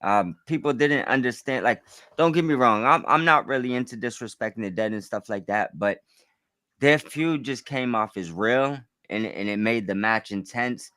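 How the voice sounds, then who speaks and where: A man co-hosting a casual podcast chat, excitable and rambling, often restarting his sentences. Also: medium pitch, moderate pace, dry recording, studio quality.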